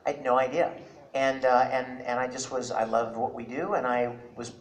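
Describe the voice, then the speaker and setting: A man's voice: medium pitch, fairly even intonation, normal speed, rough recording. A man who is a voice actor, answering an audience question on a convention panel in an earnest, grateful, rambling way.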